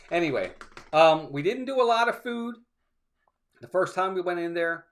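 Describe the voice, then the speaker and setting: A man on a casual livestream tells a long, rambling story about a ride. His voice sits a bit high, and he keeps quoting what others told him, with plenty of restarts and fillers. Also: lively intonation, unhurried, a bit bright. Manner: chatty storytelling, acts out ride motions and quotes. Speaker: co-host of a theme park livestream. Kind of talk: casual chat.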